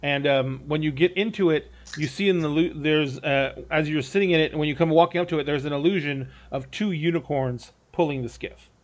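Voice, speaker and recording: A man's voice: a little high, a little fast, hardly any pauses, highs cut off. A man running a tabletop game as game master, describing scenes in a rambling way with frequent restarts.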